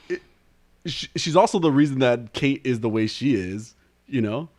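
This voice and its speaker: A man's voice: medium pitch, expressive, normal speed, darkish tone. A man co-hosting a podcast in casual chat, who laughs often and talks hesitantly with many fillers and restarts. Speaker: podcast co-host.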